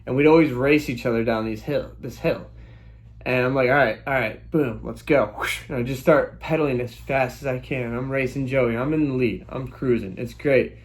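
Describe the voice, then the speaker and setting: A young man telling a childhood story in a casual, animated way, full of sound effects and exclamations. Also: medium pitch, normal speed. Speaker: storytelling vlogger.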